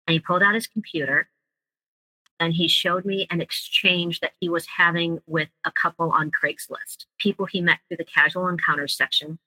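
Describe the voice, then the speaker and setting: A woman's voice: on the low side, fairly even intonation, normal speed, pushed and bright, no room sound, low-quality recording. A woman, a guest, earnestly telling a personal story in an interview.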